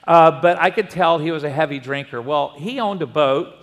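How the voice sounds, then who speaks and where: A male pastor preaching in a church sanctuary, his slightly high voice carrying a long reverb tail through the hall. He speaks conversationally and illustrates his points with homely personal stories. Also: moderate pace. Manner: conversational, telling personal stories with acted quotes. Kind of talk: sermon.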